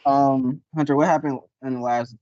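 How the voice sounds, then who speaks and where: A young man co-hosting a casual reaction video, joking and rambling with loud laughs. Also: medium pitch, steady tone, normal speed, no echo, lo-fi sound. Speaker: reaction channel co-host.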